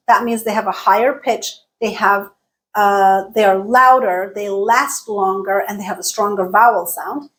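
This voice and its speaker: A woman giving an online English lesson, explaining clearly and deliberately, with slow demonstration sentences. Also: fairly high pitch. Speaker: English teacher.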